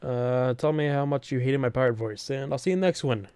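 A man's voice: mid-range voice, a little fast, warm tone. Young man with a strained, sore voice. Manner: swears often, jokey. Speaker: let's play host. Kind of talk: casual gameplay commentary.

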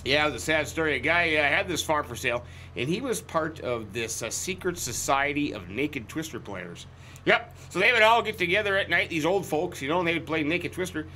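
Folksy man with a bright voice. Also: on the high side, expressive, a little fast, slight background noise. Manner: folksy, chatty storytelling with jokey asides and exclamations. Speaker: gaming channel host. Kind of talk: in-character let's-play commentary.

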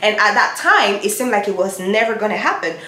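A woman's voice: medium pitch, lively intonation, a little fast, pushed and bright, roomy sound, slight background noise. A woman giving a motivational Bible talk to her viewers, urging and repeating herself like a preacher. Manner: emphatic and repetitive, preacher-like exhortation. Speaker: Christian YouTuber giving encouragement.

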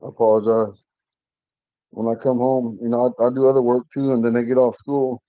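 A man teaching an online language class from his home, patiently repeating words slowly for learners. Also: medium pitch, little pitch movement, mellow, no room sound, dull audio.

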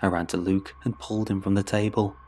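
A man narrating a horror story in a measured, steady way. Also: low voice. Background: faint music.

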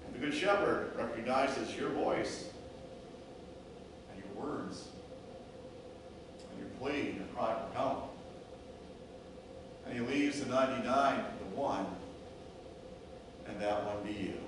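A man preaching a sermon as pastor, telling a story and acting out the voices of an injured sheep and a calm shepherd. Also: medium pitch. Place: church sanctuary. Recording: echoey church, distant mic, noisy.

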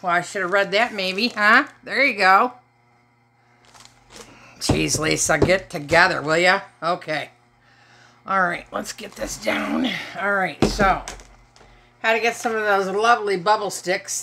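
A woman's voice: medium pitch, bright, forceful tone, slight background noise. A middle-aged woman from Michigan, chatting casually through a shopping haul and cracking jokes to her viewers. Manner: chatty, joking asides to viewers. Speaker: haul vlogger. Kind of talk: casual haul chat to camera.

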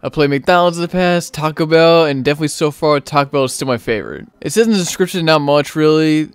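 A young man hosting his gaming channel, giving casual play-by-play commentary and getting excitable, yelling in frustration when things go wrong. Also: on the high side, fast, clear, resonant tone, no echo.

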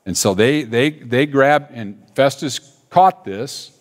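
A man's voice: mid-range voice, slow. A man with an Upper Midwest American accent, a church pastor giving a conversational sermon, full of restarts and fillers as he tells stories. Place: church sanctuary.

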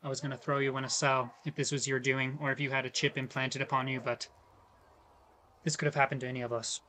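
A man's voice: medium pitch, little pitch movement, quick pace, bright, forceful tone. A man playing a tabletop game, speaking both in and out of character in a firm, matter-of-fact way. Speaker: player. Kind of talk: tabletop role-play.

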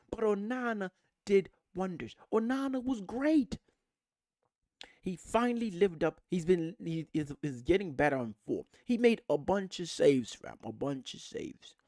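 A man's voice: high-pitched, dry recording, studio quality. A man hosting a football fan channel, delivering an angry, profane rant straight to camera. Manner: furious, profane, animated ranting.

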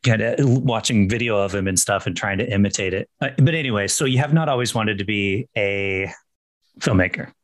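A man's voice: lowish voice, fairly quick. A man hosting a casual interview podcast, asking chatty, rambling questions with frequent restarts. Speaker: podcast host.

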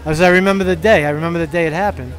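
A man's voice: on the high side, fairly even intonation, very fast, a faint crowd. A man walking a street festival for his vlog, chatting casually and teasing people he meets. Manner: joking, teasing banter. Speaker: street vlogger.

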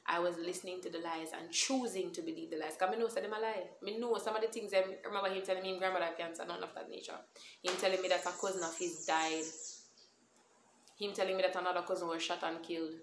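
A woman's voice: fairly low pitch, fairly even intonation, fast, noisy background. A young Jamaican woman telling a personal testimony story in an earnest, emotional way, drifting between standard English and patois. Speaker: vlogger sharing a testimony. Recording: echoey room.

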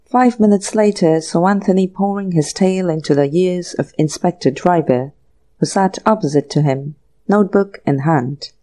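A woman reads a classic mystery audiobook at an unhurried pace. Her voice is mellow and dark-toned, and her storytelling is measured. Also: lowish voice. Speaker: audiobook narrator. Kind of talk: scripted narration.

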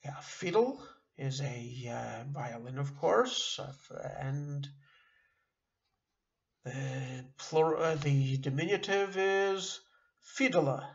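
A middle-aged man teaching a beginner language lesson online, halting often with fillers and restarting words. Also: on the high side, animated, creaky, lo-fi sound. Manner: halting, with frequent uh and self-corrections. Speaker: Yiddish teacher.

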